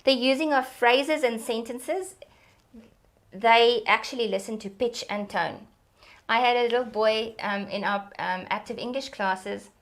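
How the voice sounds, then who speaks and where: Woman, fairly high voice, animated, teacherly, interview guest. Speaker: early childhood development expert. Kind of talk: explanatory interview talk.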